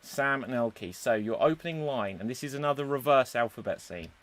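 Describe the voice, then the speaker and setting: A man's voice: mid-range voice, expressive, brisk, fairly bright tone. A man hosting a live improv comedy show over a video call, upbeat as he reads out suggestions. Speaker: host.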